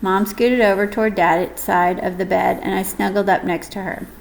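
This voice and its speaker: A woman reading a first-person audiobook story in a gentle, measured way. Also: mid-range voice, flat delivery, creaky, background noise. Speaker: audiobook narrator.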